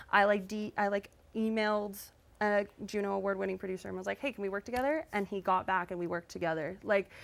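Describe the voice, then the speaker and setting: A woman's voice: mid-range voice, vocal fry, a bit bright. Chatty canadian singer girl in her 20s, bubbly, laughs a lot, lots of ums. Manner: bubbly and chatty, laughing often, many fillers. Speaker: singer, show guest. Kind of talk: live talk-show interview.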